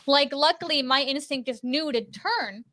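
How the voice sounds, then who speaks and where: A woman co-hosting a live show, telling an excited story with strong emphasis. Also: sits high, moderate pace, no echo. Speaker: podcast co-host. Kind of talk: casual chat.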